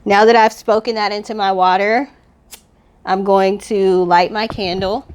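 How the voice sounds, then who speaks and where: A woman vlogger casually guiding viewers through a spiritual healing ritual step by step, speaking affirmations slowly and calmly. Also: medium pitch, smooth.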